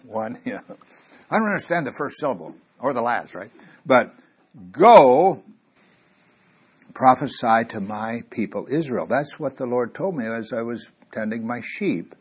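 A man preaching a sermon, telling a Bible story and getting louder when he quotes scripture. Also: medium pitch, moderate pace, breathy edge. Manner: animated, rising loud on quoted scripture.

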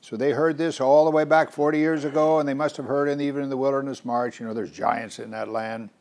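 Earnest older preacher. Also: male voice, medium pitch, brisk. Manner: earnest, animated, rhetorical questions. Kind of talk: sermon.

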